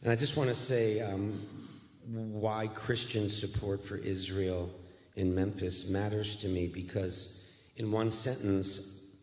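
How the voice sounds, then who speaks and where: A man's voice: on the low side, steady tone, takes it slowly. A man, a rabbi giving an earnest, folksy guest speech in a church sanctuary. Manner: folksy, earnest, self-deprecating. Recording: echoey church hall.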